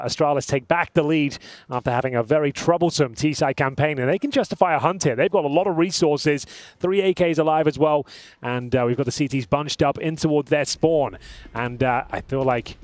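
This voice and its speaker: A man casting an esports match, with brisk, analytical play-by-play commentary. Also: on the high side, dry recording. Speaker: esports caster.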